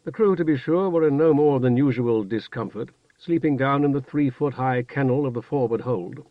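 A man narrating a fantasy novel in a measured, even storytelling manner. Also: medium pitch, no room sound. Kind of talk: audiobook narration. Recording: dull, dry studio recording.

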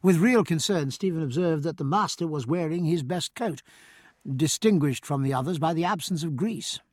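Expressive, husky male audiobook narrator. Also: fairly high pitch, dry recording, clean studio sound. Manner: measured, expressive storytelling. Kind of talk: scripted narration.

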